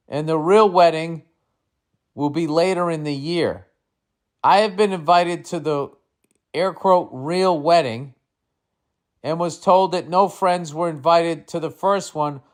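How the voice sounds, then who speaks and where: A man hosting a comedy advice podcast, ranting with lots of swearing and exasperated outbursts that drop into mutters. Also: a little high. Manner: swearing, exasperated, swings between loud and muttering. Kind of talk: profane comedic rant.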